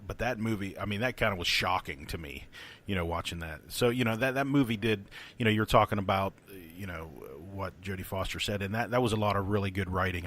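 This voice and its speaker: Low-voiced man rambling on a podcast. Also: fairly bright tone, slight background noise. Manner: rambling, many fillers and restarts. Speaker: podcast co-host. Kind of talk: casual movie chat.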